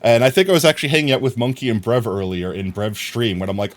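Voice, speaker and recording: Streamer guy, casual rambling storyteller, mid-pitched, animated asides to chat. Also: fast, few pauses. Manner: rambling, animated, acts out voices in quotes.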